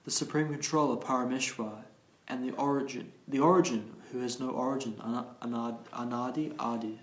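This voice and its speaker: A man leads a morning class, reading scripture aloud slowly and carefully, explaining it, and restarting some words of the verses. His voice is medium-pitched and steady, and the recording has a roomy echo.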